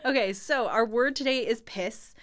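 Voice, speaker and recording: A woman's voice: fairly high pitch, normal speed, a bit bright. A young woman co-hosting a casual podcast, laughing often and reading definitions aloud with a wry tone. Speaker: podcast co-host.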